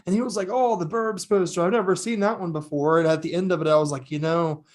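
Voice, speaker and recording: A young man co-hosting a podcast, telling stories in an excitable casual chat and laughing often. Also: high-pitched, fast. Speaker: podcast co-host.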